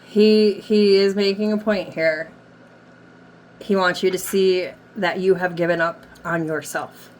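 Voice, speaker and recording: A woman's voice: lowish voice, steady tone, unhurried, darkish tone, a little hiss or hum. A woman working as a medium, passing on messages from the dead during a reading, with a lot of hedging and "like". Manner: relays messages, hedging with many likes. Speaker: psychic medium. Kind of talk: spirit reading session.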